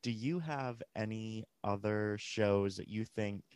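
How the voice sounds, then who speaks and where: A male podcast host with a somewhat low voice interviews a guest. He frames long, measured questions in a dry, close recording. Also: a little mellow, clean tone, no echo.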